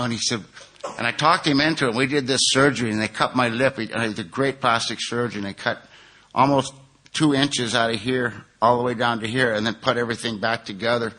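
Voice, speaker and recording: An older man from California telling his recovery story at a twelve-step conference, candid and self-mocking, moving between hushed and loud. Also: mid-range voice. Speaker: recovery speaker.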